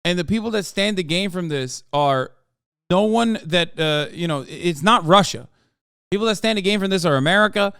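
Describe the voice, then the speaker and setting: Male streamer, slightly high, smooth voice, blunt and profane, dry close sound. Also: normal speed, fairly bright tone, no echo. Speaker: livestreamer. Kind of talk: casual political commentary to chat.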